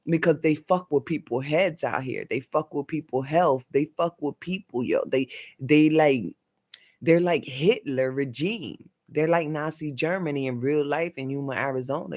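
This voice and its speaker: A man's voice: fairly high pitch, a little slow. Heated, profane man ranting. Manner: profane, repetitive, keeps tagging lines with "yo"; agitated and accusatory. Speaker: vlogger. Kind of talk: heated personal rant.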